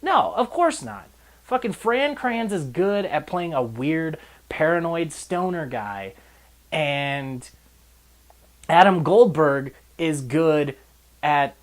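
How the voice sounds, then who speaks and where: A male reviewer talks casually through a film he dislikes. His delivery is sarcastic and exasperated, and his rants are broken up by laughter. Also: on the high side.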